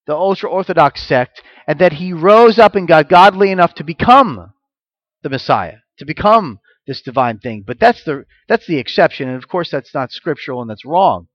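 Animated preaching man, lo-fi sound. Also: on the high side, dry recording. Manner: animated, stretches key words slowly for emphasis. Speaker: messianic rabbi. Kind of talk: sermon teaching.

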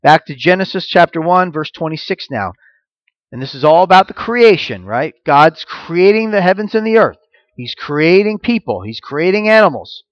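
Animated preaching man, lo-fi sound. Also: on the high side, no echo. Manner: animated, stretches key words slowly for emphasis. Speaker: messianic rabbi. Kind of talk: sermon teaching.

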